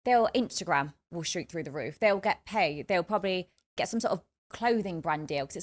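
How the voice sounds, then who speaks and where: A woman's voice: lowish voice, animated, moderate pace, few pauses. A woman speaking bluntly and candidly as a podcast guest. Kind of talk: debate on a podcast.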